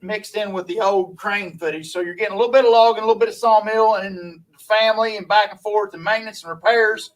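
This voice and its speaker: A man's voice: high-pitched, fairly bright tone, distant mic, poor audio. A man from Louisiana with a Southern accent, chatting folksily with viewers on a live stream, rambling and laughing easily.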